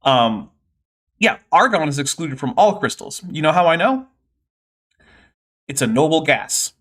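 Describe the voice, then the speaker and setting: A man's voice: fairly high pitch, sing-song, a little slow, a bit bright. A man hosting a livestream, explaining science in a casual, nerdy way with many fillers. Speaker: host.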